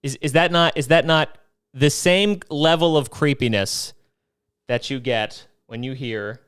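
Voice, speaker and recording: A man hosting his own podcast, rambling through past episodes in a joking, animated way and swearing freely. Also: fairly high pitch, a little slow, clear, resonant tone. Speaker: podcast host. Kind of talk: rambling solo podcast monologue.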